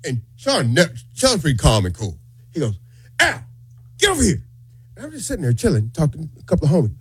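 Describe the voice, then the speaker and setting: A man's voice: on the high side, fast, husky, no echo. A man, co-hosting a morning radio show and telling a story, acting out the voices of the people in it. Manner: animated storyteller, acts out quoted voices.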